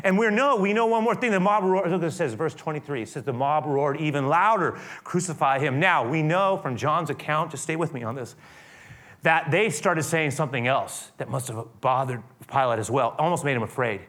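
Dramatic high-voiced male preacher. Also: expressive, fairly quick. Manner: dramatic, storytelling, swinging from loud to hushed. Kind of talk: sermon.

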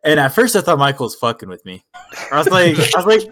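A man's voice: a little high, fast talker, a little hiss or hum. A man co-hosting a podcast, telling a story in casual, swearing chat and acting out quoted lines. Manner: swearing, animated retelling with quoted dialogue. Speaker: podcast co-host.

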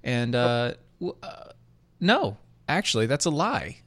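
A man's voice: mid-range voice, sing-song, slow pace, no echo. A man co-hosting a casual podcast, rambling with restarts and sarcastic asides, reading an ad in between. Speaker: podcast co-host. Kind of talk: casual chat with ad read.

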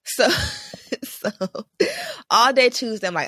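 A woman co-hosting a podcast, telling stories in an animated way, laughing often and acting out quotes. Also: fairly low pitch, a little fast, no room sound, studio quality. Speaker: podcast co-host. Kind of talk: casual podcast chat.

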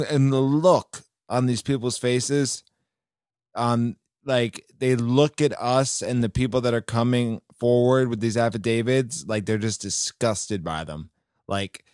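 A man's voice: mid-range voice, darkish tone, no room sound, studio quality. Indignant man hosting a political podcast. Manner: indignant, rambling with fillers. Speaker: podcast host. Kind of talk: casual political commentary.

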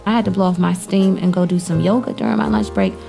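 A woman's voice: mid-range voice, fairly even intonation, fast talker, gravelly, over music. An actress playing an outspoken young woman interior designer, blunt and profane. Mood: indignant. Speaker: Denise.

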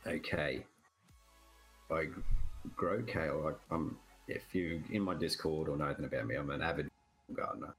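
This is a man chatting on a podcast, with an extremely low voice. He tells rambling stories full of jokes. Faint music plays behind him. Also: normal speed, fairly bright tone, breathy edge. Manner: joking, rambling storyteller. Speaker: podcast co-host. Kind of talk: casual chat.

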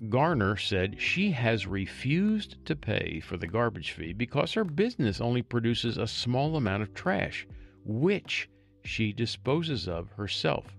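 A man's voice: medium pitch, gravelly. A man reading a local news story aloud and adding chatty, wry asides as a storytelling host.

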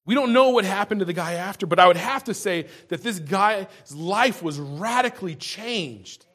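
Husky high-voiced male preacher. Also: animated, moderate pace, a bit bright. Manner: conversational preaching, frequent restarts and repeated words. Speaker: pastor. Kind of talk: sermon.

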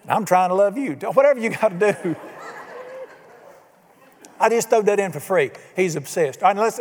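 A pastor preaches from the pulpit, his voice pitched high for a man. His style is folksy and full of rhetorical questions, and the church hall gives the sound a long reverb.

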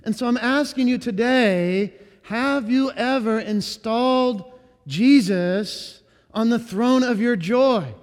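A male pastor preaching an earnest sermon, slowing down and leaning into key words. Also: very high voice, long reverb tail.

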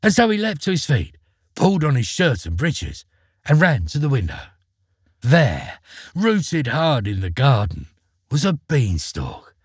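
Husky man narrating a fairy tale expressively. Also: mid-range voice, measured pace, no room sound, studio quality. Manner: expressive, dramatic storytelling. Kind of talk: storybook narration.

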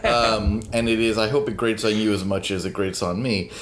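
A man's voice: on the low side, steady tone, normal speed. A man on a talk podcast, giving sardonic, opinionated commentary with many fillers and digressions. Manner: sardonic, mocks a phrase in a sing-song voice; hesitant fillers, long digressions.

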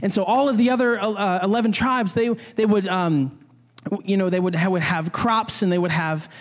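A man's voice: high voice, normal speed, big-room sound. A young man preaching a casual sermon, talking conversationally with restarts and jokey asides. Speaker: pastor.

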